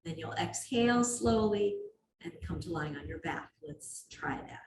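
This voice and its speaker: A woman yoga instructor talks a class through breathing and poses in a calm, steady voice, now and then laughing at her own asides. She sounds set back from the mic in a roomy studio with reverb. A faint hum of ambience sits underneath. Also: fairly low pitch, unhurried. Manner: calm cueing with light self-laughing asides. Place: athletic club studio. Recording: roomy echo from far off, faint ambient noise.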